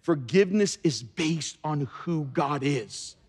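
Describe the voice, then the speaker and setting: High-pitched pastor man preaching, punchy, stumbles and repeats words, echoing church hall. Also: animated, slow, husky. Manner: emphatic, repeats words when starting sentences. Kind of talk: sermon. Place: large church sanctuary. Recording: long reverb of a large hall.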